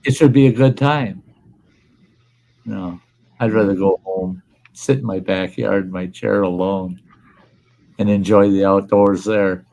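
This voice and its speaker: An older man, his low voice full of gravel and fry. He hosts a relaxed chat and says what he thinks with blunt, profane plainness. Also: low-quality recording. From Upper Midwest US. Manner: blunt, plainspoken, swears freely. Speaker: livestream host. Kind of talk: casual chat.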